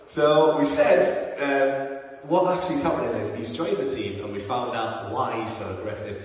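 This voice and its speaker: A man's voice: mid-range voice, moderate pace. Guy giving a sermon, earnest and chatty, lots of ums, big echoey hall, mic kinda far and dull. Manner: earnest, conversational, with frequent ums and restarts. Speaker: preacher.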